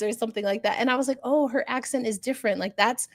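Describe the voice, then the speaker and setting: Chatty higher-voiced New York woman. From New York City. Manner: chatty and animated, nerdy asides, quick self-corrections. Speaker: podcast co-host. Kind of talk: live sports podcast chat. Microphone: remote streaming setup.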